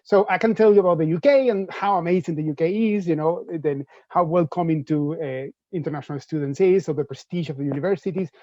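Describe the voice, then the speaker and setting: Animated man with a Venezuelan accent. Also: fairly high pitch, fast talker, few pauses, no room sound, highs cut off. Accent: Venezuelan Spanish. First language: Spanish. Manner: animated, repeats words as he goes. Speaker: presenter for UK universities. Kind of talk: enthusiastic info-session talk.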